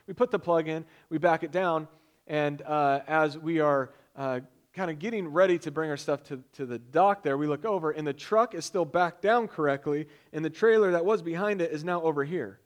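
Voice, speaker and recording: A high-voiced man preaching a sermon, weaving a personal story into the message. He tells it in an animated, storytelling way, with loud bursts when he gets excited. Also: normal speed. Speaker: pastor.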